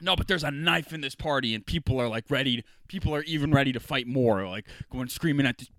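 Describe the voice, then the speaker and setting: A young man co-hosting a podcast, telling a party story in casual chat, swearing often and loudly acting out what others said. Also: medium pitch, quick pace, few pauses, no echo. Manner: animated storyteller, profane, acts out quotes loudly. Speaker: podcast co-host.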